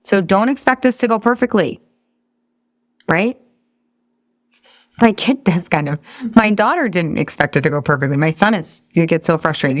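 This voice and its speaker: A woman's voice: on the low side, animated, moderate pace, pauses often, no echo, clean studio sound. A woman in her thirties leading a live weight-loss coaching class, chatty and encouraging, firing questions at the group and laughing at herself when she drifts off topic.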